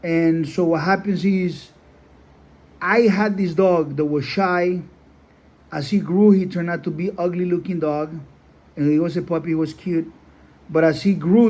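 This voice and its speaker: A dog breeder with a high-leaning, darkish voice tells a story in casual conversation. He rambles, keeps saying "you know," and talks bluntly with some swearing.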